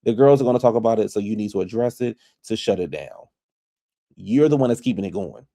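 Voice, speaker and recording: A man casually recapping a reality TV episode for his viewers, chatty and opinionated, quick to pass judgment on the cast. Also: on the low side, animated, warm tone. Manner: chatty, gossipy, opinionated, addresses viewers as y'all.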